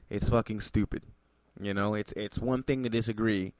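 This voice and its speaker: A man's voice: on the low side, flat delivery, normal speed, a little mellow, no echo. A man hosting an internet radio show, ranting at length in a heated, profane, emphatic way. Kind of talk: ranting talk radio monologue.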